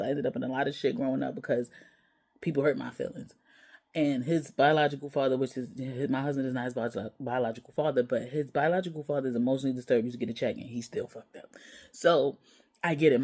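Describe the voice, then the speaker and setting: A woman's voice: sits low, dark tone, breathy edge. A mother vlogging, telling a personal story in a candid, emotional way and swearing casually.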